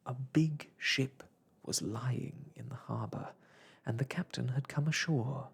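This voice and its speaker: A storyteller softly whispering an old children's book aloud, in a whispered role-play. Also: mid-range voice, slow, creaky, breathy edge.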